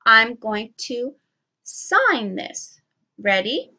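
Woman teacher, children's lesson, very slow, enunciated, repeat-after-me prompts, bright tone, fairly high voice. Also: very animated.

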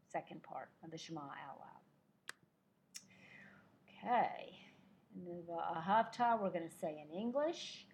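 A woman leading a live-streamed prayer service, speaking gently and slowly with many fillers, a modest singing voice and a distant mic. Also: fairly low pitch. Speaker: lay service leader.

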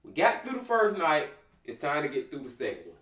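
A young man doing casual let's-play commentary, cursing often, hyping himself up and getting jumpy and loud. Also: fairly high pitch, sing-song, brisk, echoey room, far from the mic. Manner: profane, hypes himself up, gets jumpy and loud. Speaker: gaming streamer.

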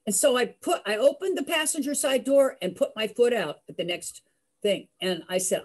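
An older woman telling a personal story in a lively way, acting out the voices of the people in it. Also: a little high, moderate pace. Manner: lively, acts out voices, laughs. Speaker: storyteller host.

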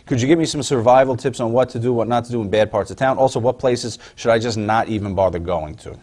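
A man's voice: medium pitch, quick pace, darkish tone. A man hosting an interview and reading out fan questions in a wry, teasing way. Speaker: interviewer host.

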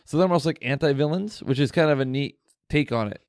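A man's voice: on the high side, quick pace, darkish tone, no echo, studio quality. A man co-hosting a pop culture podcast in casual chat, making earnest, reasoned points. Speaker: podcast co-host.

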